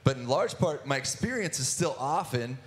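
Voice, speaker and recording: A man's voice: mid-range voice, lively intonation, normal speed. A young man in his twenties telling his personal testimony in church, earnest, with many restarts and filler words. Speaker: guest speaker sharing testimony.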